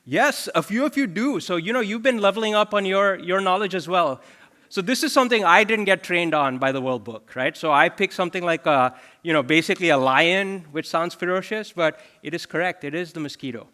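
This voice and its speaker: A man's voice: high voice, brisk, pushed and bright. A man in his forties giving a conversational conference keynote as a chief product officer, often asking the audience questions. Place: large conference hall.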